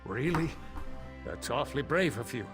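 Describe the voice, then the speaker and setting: A man's voice: mid-range voice, animated, moderate pace, close to an everyday voice. An actor playing a flustered, wry mine foreman in a video game, rambling and a little sheepish. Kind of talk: game voice acting. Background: game music.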